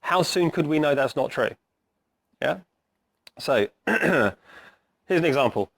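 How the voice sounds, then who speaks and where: Casting note: middle-aged man, slightly high voice, hoarse, coaching a room in a chatty lecture, keeps asking the audience "right?". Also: animated, slow, fairly bright tone. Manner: conversational, asks the audience questions, says "right?" often. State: hoarse, clearing his throat. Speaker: agile coach giving a talk. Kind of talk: conference talk to a live audience.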